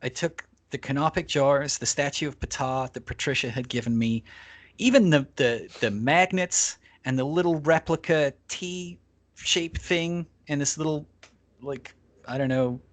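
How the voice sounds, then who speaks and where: A man's voice: a little high, measured pace. A man, a podcast guest, telling a long travel anecdote in casual, profanity-laced talk. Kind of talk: casual storytelling.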